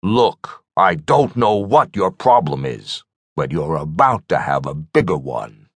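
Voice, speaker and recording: A man narrating an audiobook voices a hulking, threatening male cyborg with a metal arm and a gruff manner. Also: low-pitched, big pitch swings, takes it slowly, dry recording, voice pushed down, full character voice. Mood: menacing.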